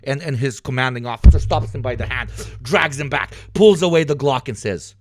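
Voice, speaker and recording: A man streaming commentary on news clips, mocking them with heavy swearing, laughter and sudden shouted put-on voices. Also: mid-range voice, sing-song, unhurried. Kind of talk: profane satirical livestream commentary.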